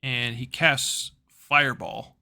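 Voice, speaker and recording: A man's voice: mid-range voice, steady tone, takes it slowly, gravelly, bright, forceful tone, smooth, no room sound. A man narrating a tabletop game as game master in a casual, loose way with frequent swearing. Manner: casual, swearing, hesitant fillers.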